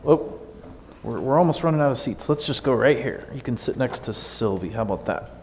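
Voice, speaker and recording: A man's voice: medium pitch, expressive, a little fast, slight background noise. A man giving a casual children's sermon in a church, playful and chatty, often asking the kids questions. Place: church sanctuary. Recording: long hall reverb.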